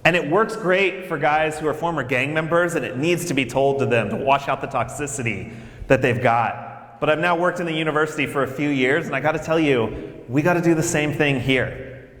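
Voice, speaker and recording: A man working as a campus minister gives a lively, conversational speech to new students, telling stories and speaking directly to the audience. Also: a little high, brisk. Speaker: campus minister for faith and justice. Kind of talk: speech to incoming freshmen at orientation. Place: large hall. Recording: echoey hall with long reverb.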